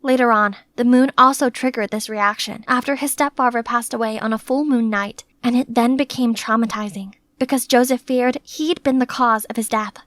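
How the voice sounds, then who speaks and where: A young woman narrating her own animated story in the first person, in a chatty, playfully dramatic way. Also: a little high, normal speed, few pauses, dry recording. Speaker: narrator and maid character.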